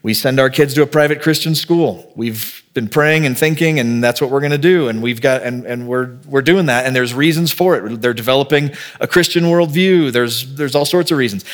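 A male pastor delivers a sermon in a mid-pitched voice. He talks in a loose, conversational way, thinking out loud as he goes and slipping into short acted-out exchanges to illustrate each point. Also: moderate pace, few pauses. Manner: conversational, thinks aloud, acts out quoted dialogue.

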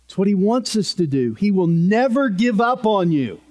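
A man's voice: high-pitched, very animated, normal speed, darkish tone. A man preaching a sermon as a pastor, earnest and emphatic, repeating key phrases for weight.

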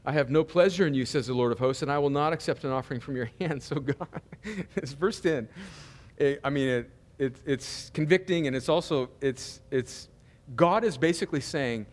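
A pastor preaching a sermon in a loose, conversational style, full of humor and asides. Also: male voice, mid-range voice, normal speed, long reverb tail.

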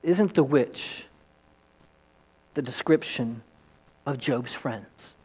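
A man pastor preaching an earnest, emphatic sermon, at times quick and at times slow. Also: a little high. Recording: long hall reverb.

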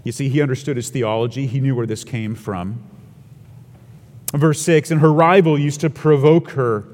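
A man's voice: mid-range voice, steady tone, moderate pace, a little mellow, long reverb tail. A man preaching a sermon in an earnest, expository way, asking the congregation rhetorical questions.

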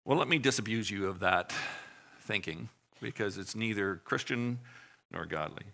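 A pastor with a fairly low voice, vocal fry, and a fairly bright tone preaches at a normal speed. His sermon is conversational: he asks the congregation questions and acts out short voices.

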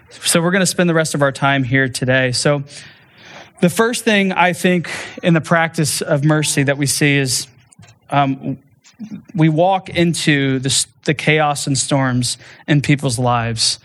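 A man's voice: a little high, a bit bright. A man, a pastor, preaching a sermon in a conversational way, with playful asides and frequent restarts.

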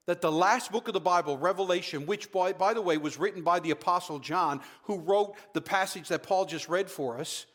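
Emphatic high-voiced male pastor preaching. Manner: emphatic, dramatic pauses, drops to a soft low voice. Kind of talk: sermon. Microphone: livestreamed to viewers at home.

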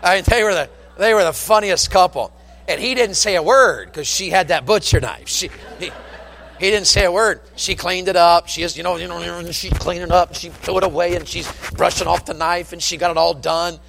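A man preaching a sermon from the pulpit, telling folksy stories in an animated, down-home way. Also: high voice, normal speed, vocal fry, in a large hall, a little hiss or hum. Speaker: pastor. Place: church sanctuary with long reverb. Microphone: pulpit microphone.

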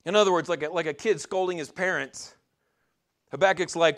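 A man's voice: a little high, brisk, gravelly, a bit bright. A man preaching a sermon in a conversational way, asking his listeners rhetorical questions and sometimes stumbling and restarting. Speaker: pastor.

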